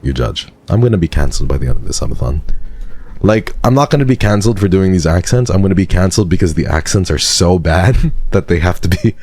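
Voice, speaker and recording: A man's voice: sits low, expressive, fast talker, a little mellow. An American man streaming live, chatting casually with viewers in a dry, sarcastic way. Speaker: livestreamer.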